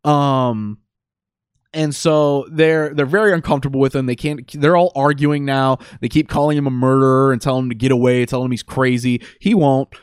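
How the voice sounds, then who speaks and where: A man's voice: medium pitch, steady tone, fairly quick, clean tone, no echo, clean studio sound. A man in casual chat, retelling a movie plot in a loose, rambling way with frequent swearing. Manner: profane, rambling storytelling.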